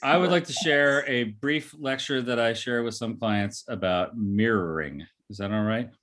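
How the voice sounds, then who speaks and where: A man's voice: mid-range voice, moderate pace, a bit bright. A man, a therapist, explaining an idea in casual podcast talk, often checking in with "right?" and "you know". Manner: acts out quoted voices.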